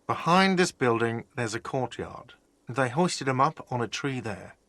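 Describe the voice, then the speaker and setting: A man's voice: mid-range voice, animated, unhurried, fairly bright tone, dry recording. An actor playing a bitter, sarcastic, passive-aggressive male cafeteria manager in a video game. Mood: grudging.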